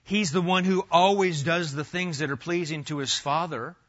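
A middle-aged man preaching a sermon as pastor, animated, swinging between loud emphasis and soft asides. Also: on the high side, moderate pace, highs cut off.

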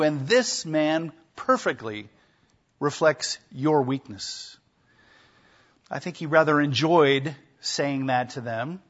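A man delivers a sermon with a husky voice pitched a little high. He is emphatic and acts out the quoted speech of people in the story. The recording sounds dull and lo-fi. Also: animated, slow pace, a bit bright. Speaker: pastor. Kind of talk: expository sermon.

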